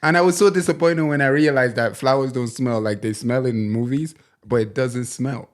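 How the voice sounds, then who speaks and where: A man's voice: mid-range voice, moderate pace. A man hosting a podcast, asking questions and teasing his guest in a playful, casual way. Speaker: podcast host. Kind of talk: casual chat.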